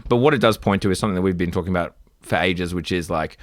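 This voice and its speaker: A man co-hosting a casual tech podcast, chatty and quick to laugh. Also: low-pitched, no echo, clean studio sound. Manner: laughs often, reads AI output aloud in a deadpan way. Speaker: podcast co-host.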